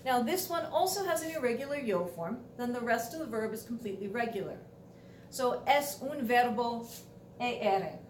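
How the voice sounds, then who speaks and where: Woman teacher, patient and dryly funny, slightly high voice, faint hum behind. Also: animated, normal speed. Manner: patient, explains step by step, wry asides. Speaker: Spanish teacher. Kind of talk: classroom video lesson. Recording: echoey room, voice from a distance.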